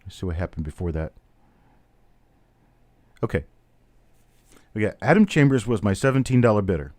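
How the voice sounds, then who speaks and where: A man's voice: on the low side, animated, normal speed, a little mellow, dry recording. A man hosting a live-stream coin auction, chatty, calling out bidders and prices one after another. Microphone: webcam on a stand.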